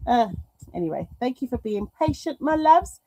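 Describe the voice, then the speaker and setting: A woman's voice: high voice, sing-song, normal speed, mellow, no echo, rough recording. A middle-aged woman hosting a live stream at home, chatting and reading out viewer comments in a rambling, affectionate way. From United Kingdom. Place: home room.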